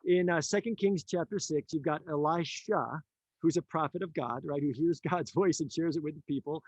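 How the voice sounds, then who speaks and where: A man telling a story in a casual conversation, animated, acting out the lines of the people in it and laughing often. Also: fairly high pitch, moderate pace, breathy edge, no echo, muffled recording. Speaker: author and teacher.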